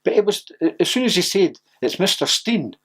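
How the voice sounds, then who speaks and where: Older Scottish man, ex-footballer, anecdotal and lively, a little husky. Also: high voice, normal speed. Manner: storytelling, laughs often, acts out quotes. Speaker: former footballer interviewee. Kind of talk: reminiscing interview.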